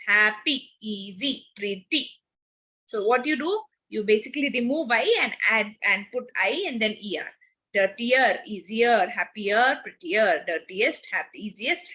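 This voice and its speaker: A woman teacher, teaching a grammar lesson to children online. She repeats key words and slows down on examples. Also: high-pitched, pushed and bright, husky.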